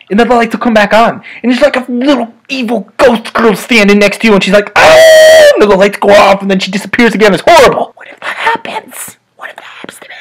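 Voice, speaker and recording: A young man telling a funny story to camera, animated, dropping into low mutters and jumping up into high squeals. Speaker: comedy storyteller. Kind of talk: comic storytelling monologue.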